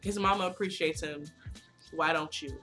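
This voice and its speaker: A young woman vlogger chatting casually about a concert, gushing, excitable and full of slang and swearing. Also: deep voice, moderate pace, faint music behind. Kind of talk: casual concert recap chat.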